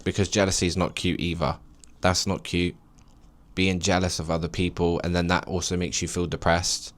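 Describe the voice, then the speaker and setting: Podcast host, male, late 20s, deep voice, rambling preacher energy. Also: flat delivery, normal speed. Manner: rambling and preachy, with emphatic encouragement. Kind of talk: solo podcast monologue.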